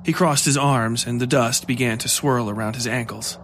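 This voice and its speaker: A man reading a horror story aloud as its storyteller, in a measured, steady way. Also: medium pitch, a little hiss or hum. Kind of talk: scripted horror narration.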